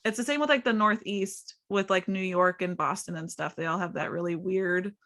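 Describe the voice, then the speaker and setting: A woman's voice: mid-range voice, normal speed, a bit bright. An American woman hosting a podcast, talking in a rambling, casual way. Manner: rambling, many fillers and restarts. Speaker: podcast host. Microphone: laptop.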